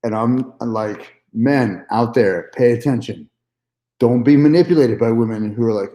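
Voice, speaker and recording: A man's voice: mid-range voice, a little slow, warm tone, echoey room. A man telling a personal story in a casual vlog monologue, candid and repetitive, swearing freely. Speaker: vlogger.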